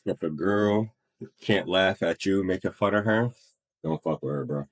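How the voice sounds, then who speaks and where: A man's voice: deep voice, normal speed. A man giving casual, profane reaction commentary with blunt asides. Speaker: reaction streamer.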